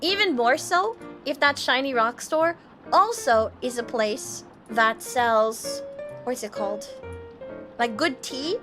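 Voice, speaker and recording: Woman, livestream host, high voice, giggly, casual chat, faint background music. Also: takes it slowly. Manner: refers to herself in third person; giggly, bubbly storytelling.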